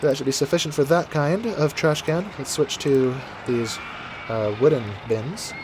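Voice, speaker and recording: A man's voice: on the high side, measured pace, background noise. A man casually commenting on his game as he plays, chatty and rambling, correcting himself as he goes, from the United States. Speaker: gameplay commentator. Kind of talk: casual let's-play commentary.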